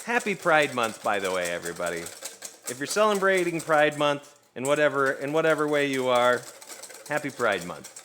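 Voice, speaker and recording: A man's voice: mid-range voice, very animated, normal speed, bright, forceful tone, a little hiss or hum. A man streaming himself cooking, chatting casually and playfully with his viewers and laughing often.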